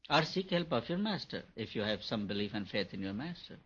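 A man's voice: fairly low pitch, sing-song, brisk, fairly bright tone, husky. A man giving a spiritual talk on meditation, repeating his points for emphasis. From India. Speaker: meditation teacher. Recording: dull lo-fi recording.

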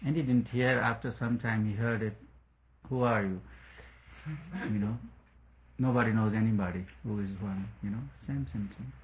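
A man telling a spiritual story as a lesson, chuckling often and pausing with fillers as he searches for words. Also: lowish voice, fairly even intonation. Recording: dull lo-fi recording, faint noise.

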